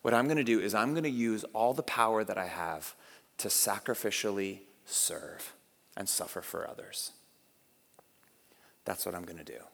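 A man voicing a calm, resolute male teacher who speaks low, soft and solemn. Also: moderate pace, long reverb tail, lightly acted.

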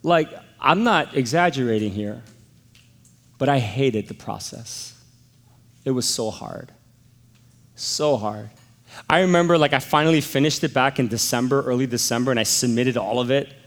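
A middle-aged man, a pastor, preaching a sermon and telling a personal story in an animated, exclamatory way. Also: mid-range voice, normal speed, pauses often, long reverb tail.

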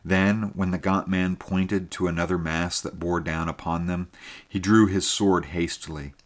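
A man narrating a story in a measured, steady reading. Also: deep voice. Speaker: audiobook narrator. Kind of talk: scripted narration.

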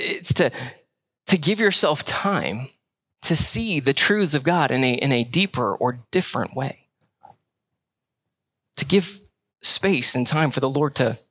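Young preacher man, chatty sermon, bright voice, dry close sound. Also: mid-range voice, slightly rough, no room sound. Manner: conversational preaching with repeated phrases. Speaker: pastor.

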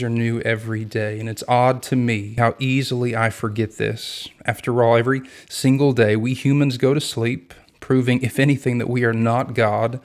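Earnest man teaching the Bible, flat voice. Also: mid-range voice. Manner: measured, earnest reading with quoted scripture. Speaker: podcast host and Bible teacher. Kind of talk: scripted devotional Bible teaching.

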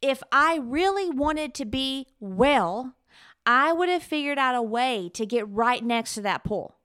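A woman co-hosting a podcast, retelling a story in an animated, emphatic way. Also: sits high, unhurried, clear, resonant tone. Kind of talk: casual conversation, storytelling.

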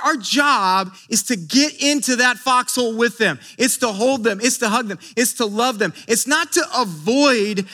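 A man's voice: very high-pitched, pushed and bright. A man preaching a sermon in an earnest way, often repeating words as he builds emphasis. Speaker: pastor.

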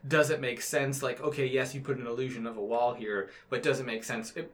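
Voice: mid-range voice, fairly even intonation, brisk. A tabletop player explaining their character choices in casual chat. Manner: explains rules thoughtfully.

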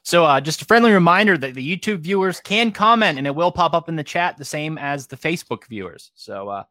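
A man's voice: on the high side, lively intonation, brisk, sharp tone, dry recording, studio quality. A man hosting a livestream interview, asking friendly, upbeat questions. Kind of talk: live stream interview.

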